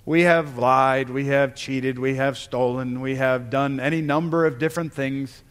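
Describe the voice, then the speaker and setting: A male pastor preaching a sermon in a church, earnest, pausing and restarting as he builds to emphatic calls. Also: mid-range voice, fairly even intonation, a bit bright, clean tone, big-room sound. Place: church sanctuary.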